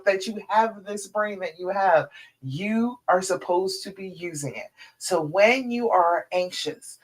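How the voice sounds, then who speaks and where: A woman relationship coach on a live stream, leading listeners through counted breathing and talking them through journaling in an encouraging, direct way. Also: fairly low pitch. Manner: addresses listeners directly as ladies and girl.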